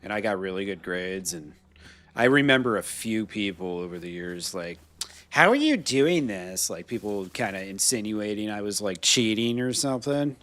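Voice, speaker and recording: With a lowish, slightly bright voice at normal speed, this American man, likely in his thirties, streams a game live. His casual chat is profane and full of laughter, wandering between rambling stories.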